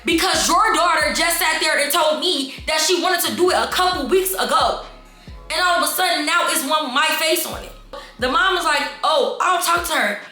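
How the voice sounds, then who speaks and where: Woman vlogger, high voice, animated storytelling, echoey room, faint music behind. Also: normal speed. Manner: animated, exasperated, addresses viewers as y'all. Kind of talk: casual storytime vlog.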